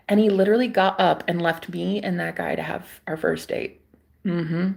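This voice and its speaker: A woman's voice: lowish voice, fairly even intonation, normal speed, gravelly, darkish tone. A woman vlogging from a table at home, telling a story casually, rambling, laughing often and swearing freely.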